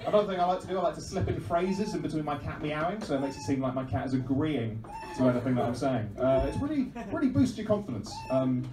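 A man doing musical stand-up comedy in a club, with deadpan, self-mocking asides over his keyboard. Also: on the high side, quick pace, a loud crowd, heavy background noise. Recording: echoey club recorded from far off. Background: keyboard playing and audience laughter.

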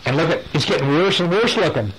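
A man's voice: fairly high pitch, expressive, quick pace, a bit bright, soft background music, poor audio. A man reading bedtime stories aloud to a child, playful and chatty, stopping to talk about the pictures.

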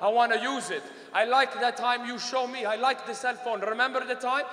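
A man's voice: extremely high pitch, fairly quick, sharp tone, roomy sound, long reverb tail. A man voicing his old conservative immigrant father, speaking broken English. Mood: eager.

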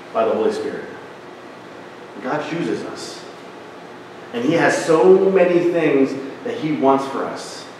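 A man's voice: a little high, slight background noise. A man preaching a sermon as pastor, in a conversational way with asides and restarts. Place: church sanctuary. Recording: echoey church hall from a distance.

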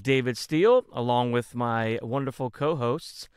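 A man hosts a livestreamed podcast with an upbeat, announcer-style delivery. His voice is smooth and resonant, with a medium pitch. The recording is dry, with no room echo. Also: animated, moderate pace, a bit bright. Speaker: podcast host.

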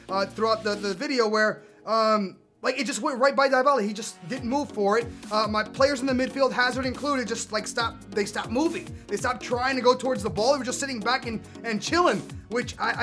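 A young man commentating his own video game match, getting excitable and yelling at the screen, then chatting casually to viewers. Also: very high-pitched. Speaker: gaming YouTuber. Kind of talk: live gameplay commentary.

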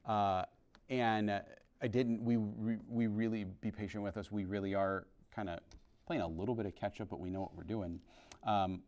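A male priest telling his conversion story to a parish class in an earnest, halting way, with many restarts. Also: on the low side, steady tone, a little mellow. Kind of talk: informal testimony to a parish class. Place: parish hall.

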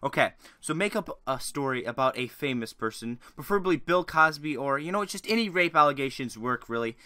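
Sarcastic guy ranting over a clip, bright sharp voice, dry close sound, crude jokes. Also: medium pitch, animated, fairly quick, no echo. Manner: crude, mocking, rambling asides. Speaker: YouTube commentator. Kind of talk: sarcastic reaction commentary.

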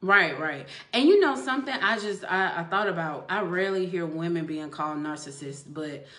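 A woman hosts a relaxed live-stream conversation, her voice sitting on the low side. She laughs easily and talks through the viewers' comments. The sound carries a noticeable room echo. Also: normal speed. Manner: relaxed, laughs often, reads comments aloud. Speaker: host. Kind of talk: casual chat on a live stream. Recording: echoey room.

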